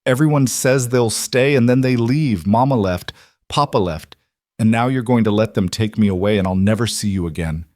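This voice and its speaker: A man's voice: on the low side, moderate pace, a little mellow, dry recording, lightly acted. A sobbing, desperate little girl speaks in a raised, strained voice, played by a man reading a storybook. Her pleading is close and dry. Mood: tearful.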